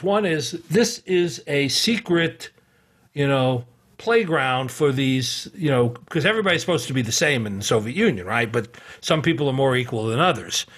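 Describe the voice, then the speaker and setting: A middle-aged man appears as a podcast guest, spinning a long anecdote full of fillers, restarts, and chuckles. His voice is fairly high and bright, with a slightly rough edge.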